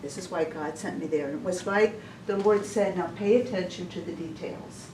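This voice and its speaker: Woman giving a chatty church testimony. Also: medium pitch. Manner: chatty, stumbling restarts, laughs often. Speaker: women's session speaker. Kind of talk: informal testimony talk. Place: church hall. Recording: echoey room, mic far off, noisy.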